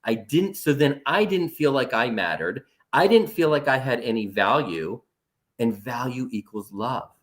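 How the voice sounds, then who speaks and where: A man's voice: mid-range voice, expressive, measured pace, fairly bright tone. A man making emphatic points in a casual discussion about mental health, repeating phrases for stress. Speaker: panel speaker on mental health.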